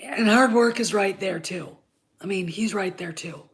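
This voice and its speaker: Congested woman ranting on her channel, slow and blunt, swears a lot, sounds stuffed up. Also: mid-range voice. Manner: blunt, profane and heated. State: congested, getting over covid. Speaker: channel host. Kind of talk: casual opinion commentary.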